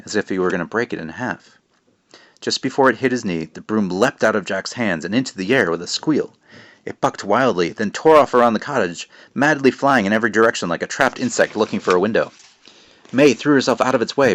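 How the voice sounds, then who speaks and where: A man, the author, reading his children's book aloud with lively narration. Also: lowish voice.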